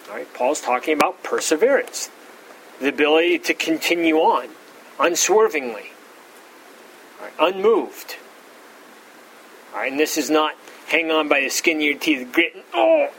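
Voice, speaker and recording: A pastor giving an expository Bible teaching, repeating words and saying "all right" often, rising in pitch to stress key points. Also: male voice, a bit bright, slight background noise, low-quality recording. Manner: rises in pitch for emphasis.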